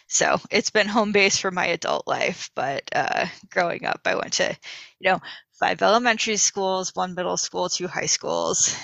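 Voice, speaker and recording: American woman guest, bright voice with some fry, thoughtful easy chat, dry mic. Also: lowish voice, no echo. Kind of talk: casual chat.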